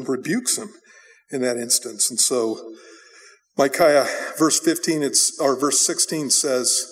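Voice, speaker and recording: A man preaching a Bible teaching in a loose, conversational way, blunt and animated as he tells the story. His voice sits somewhat high for a man. Long hall reverb hangs behind him. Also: normal speed. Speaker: pastor. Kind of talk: expository sermon.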